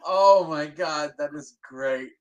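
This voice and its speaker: A man co-hosting a stream in casual chat, joking with dark humor and laughing often. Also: on the high side, takes it slowly. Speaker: stream co-host.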